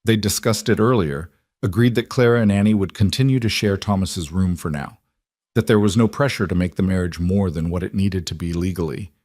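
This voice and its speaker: A man narrating a western romance story in a calm, measured scripted reading. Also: deep voice, dry recording, studio quality.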